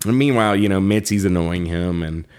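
A man with a lowish voice chats casually as a podcast co-host, recapping a story. He keeps breaking into laughter and slips into quick little voices for each character's lines. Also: a little mellow. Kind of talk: casual chat retelling a story.

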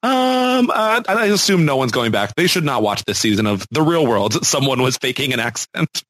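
A young man co-hosting a podcast, playful and quick to laugh. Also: mid-range voice, big pitch swings, fairly bright tone. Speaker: podcast co-host. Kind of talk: casual chat.

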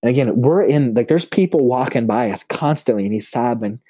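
A man, a pastor, telling personal stories in a relaxed conversation. He restarts his phrases often. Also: a little fast, husky, no room sound. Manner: lively storyteller who restarts his phrases; self-described high extrovert. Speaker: pastor and podcast guest. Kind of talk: personal storytelling in casual conversation.

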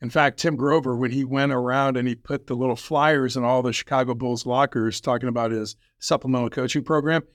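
Thoughtful man hosting, mid pitch. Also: steady tone, brisk, hardly any pauses, no echo, clean studio sound. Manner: reflective, hesitant, many "uh" and "um". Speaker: podcast host. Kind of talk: conversational interview.

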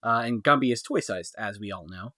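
A man riffs about old cartoons on a podcast, his talk full of fillers and frequent laughter. His voice is bright and swings widely in pitch. It sounds close and dry. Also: lively intonation, brisk, dry recording. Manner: laughs often, rambling with many fillers. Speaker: podcast co-host. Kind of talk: casual chat reviewing cartoons.

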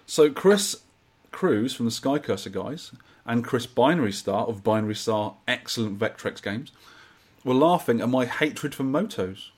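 A husky-voiced man co-hosting a podcast, chatting casually and joking as he reads out messages from listeners. His pitch swings up and down with plenty of life. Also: expressive, unhurried. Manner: jokey banter, reads listener messages aloud. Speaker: podcast co-host. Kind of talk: casual chat.

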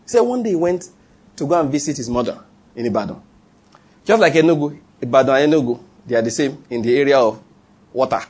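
A man with a Nigerian accent, preaching a sermon and telling stories, animated and laughing, with call-and-response. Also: mid-range voice, fast talker, slightly rough. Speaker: pastor. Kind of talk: sermon with storytelling.

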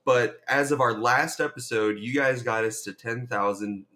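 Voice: medium pitch, fairly even intonation, normal speed, pushed and bright. A podcast co-host telling stories in casual chat and laughing often. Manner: chatty storyteller, laughs often.

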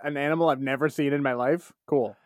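A man co-hosting a podcast in casual comedic chat, playful and swearing freely with animated reactions. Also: mid-range voice, quick pace, no echo, highs cut off. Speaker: podcast co-host.

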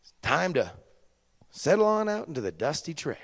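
A young man telling a stand-up story, his voice sitting a bit high. He is profane and animated, jumping into sudden loud bursts, and a long reverb from the hall hangs behind him. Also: normal speed. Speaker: stand-up comedian.

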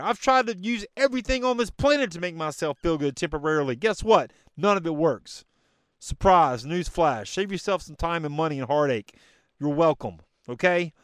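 Emphatic man preaching motivation, smooth tone. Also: fairly high pitch, dry recording, clean studio sound. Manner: emphatic and preachy, direct to listener. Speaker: podcast host. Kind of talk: motivational monologue.

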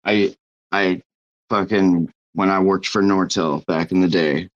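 An American man in a casual chat, excitable and cracking crude jokes. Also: low voice, a little slow, no room sound, muffled recording.

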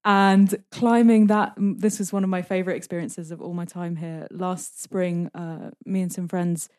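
A woman's voice: lowish voice, steady tone, moderate pace, dark tone, no echo, clean studio sound. A young British woman, a podcast guest, describing places with enthusiasm in casual conversation. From Britain.

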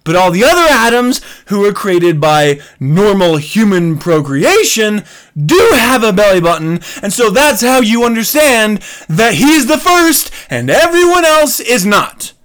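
Give me a male podcast host with a lively, somewhat high voice, laughing and swearing through a casual rant. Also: unhurried. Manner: animated, profane storytelling rant with frequent laughs. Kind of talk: casual monologue.

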